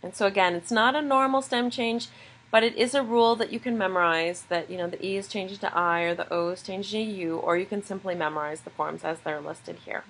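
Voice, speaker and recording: A woman teaches a recorded video lesson. She explains each grammar point patiently and clearly, one step at a time, in a voice of ordinary pitch. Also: a little fast, a bit bright, slight background noise, poor audio. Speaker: Spanish teacher.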